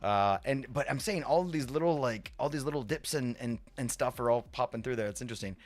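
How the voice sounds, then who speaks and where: A man's voice: medium pitch, fairly quick. A man live-streaming a game in casual chat who rambles, repeats himself and swears offhand.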